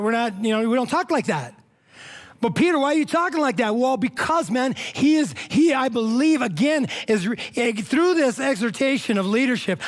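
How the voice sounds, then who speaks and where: High-voiced pastor preaching casually. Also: male voice. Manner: casual, conversational preaching with frequent "all right?" asides and laughs. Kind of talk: sermon. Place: church.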